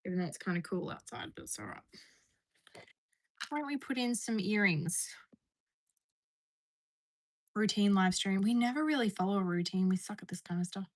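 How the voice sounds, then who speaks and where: A woman's voice: mid-range voice, animated, moderate pace, long pauses. A woman chatting casually on a live stream from home, bubbly and answering her viewers. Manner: chatty, bubbly, reading and answering chat messages. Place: indoors at home.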